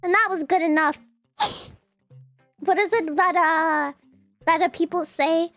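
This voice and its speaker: A woman's voice: extremely high pitch, a little slow, a bit bright, soft background music. A woman streamer chatting casually on a livestream, giggly and teasing, laughing often.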